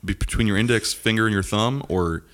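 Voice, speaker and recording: A man's voice: lowish voice, fairly bright tone. A man co-hosting a podcast, telling crude stories in casual banter and laughing at his own jokes. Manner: rapid, crude, laughing storyteller. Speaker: podcast co-host.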